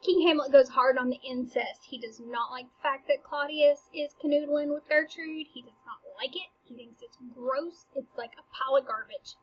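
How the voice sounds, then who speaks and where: A woman's voice: high voice, steady tone, moderate pace, hardly any pauses. A woman explaining a play in a casual, chatty way, putting it in slangy everyday terms with frequent ums, on a slightly muffled lo-fi recording. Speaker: teacher.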